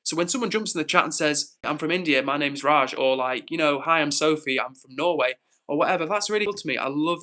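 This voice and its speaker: A man's voice: a little high, sharp tone. A man hosting a livestream, chatting casually and reading out viewers' comments in an upbeat, encouraging way. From England. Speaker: livestream host.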